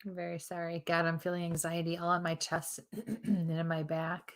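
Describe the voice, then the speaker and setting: Co-hosting a live show, this psychic medium reads spirit messages for viewers, warm and chatty with frequent laughter. She speaks at a moderate pace in a lowish voice that barely moves in pitch.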